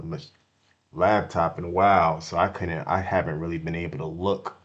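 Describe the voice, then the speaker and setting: Man, very deep voice, crypto stream commentary, slangy, repeats himself, jumps from loud hype to quiet. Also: dull audio. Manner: swings from hyped shouting to hushed apologies. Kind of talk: excited market commentary to chat.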